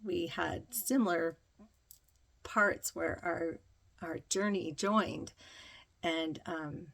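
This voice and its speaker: A woman telling a reflective personal story, slow and dreamy, with many ums. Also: fairly low pitch, fairly bright tone. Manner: slow, dreamy, breathy with frequent ums and laughter. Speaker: spiritual vlogger.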